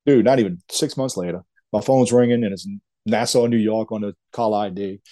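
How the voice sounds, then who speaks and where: Mellow man telling wrestling stories. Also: lowish voice, a little fast, dry recording. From Louisiana. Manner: rambling, animated storyteller, says man and dude. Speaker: retired wrestler, guest. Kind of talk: interview storytelling.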